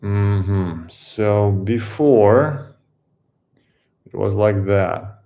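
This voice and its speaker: A man with a very low, gravelly voice talks his way through code at an unhurried crawl. He muses and halts often, trails off into fillers and picks the thought back up. Keyboard typing sits behind him. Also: animated, warm tone. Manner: halting, musing, many pauses and fillers. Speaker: coding tutorial host. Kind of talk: thinking aloud while coding.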